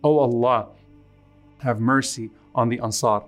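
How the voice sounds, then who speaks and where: A man giving a sermon, retelling a story with quoted speech, reciting lines of Arabic quickly and then translating them slowly and with emphasis. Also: fairly even intonation, faint music behind. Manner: retells a story with quoted speech, rising in pitch at emotional peaks. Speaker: preacher.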